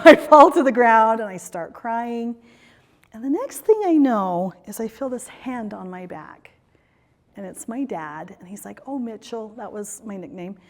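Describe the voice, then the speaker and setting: A woman gives a live workshop presentation with a slightly high voice, telling personal stories in a chatty way and asking the audience questions. Her voice carries a long reverb from a large hall. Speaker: corporate trainer and speaker. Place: conference room or hall.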